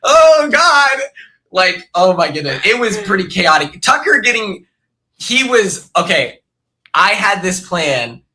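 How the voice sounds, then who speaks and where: A young man guest on a podcast, telling animated stories about his time on a reality show and laughing often. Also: high voice, a little slow. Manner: animated storyteller who acts out quotes and laughs often. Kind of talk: casual podcast chat.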